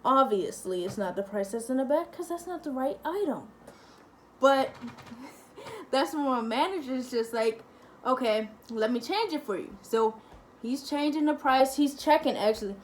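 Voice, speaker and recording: A young woman vlogger telling a casual story to camera, chatty and lively, acting out the other people. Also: high-pitched, measured pace, a little hiss or hum. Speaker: family-channel vlogger.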